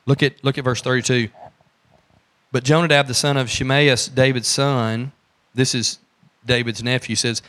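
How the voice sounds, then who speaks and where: Folksy preacher. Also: male voice, medium pitch, flat delivery, normal speed, pauses often, a bit bright. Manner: folksy storytelling, asks the congregation questions. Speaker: pastor. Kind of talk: sermon. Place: church.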